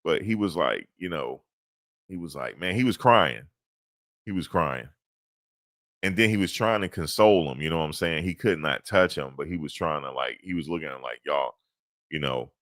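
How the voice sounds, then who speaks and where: A man recapping events in a casual, animated storytelling manner, slangy and repetitive. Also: very deep voice, moderate pace, no echo, studio quality. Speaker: commentator recapping a court hearing.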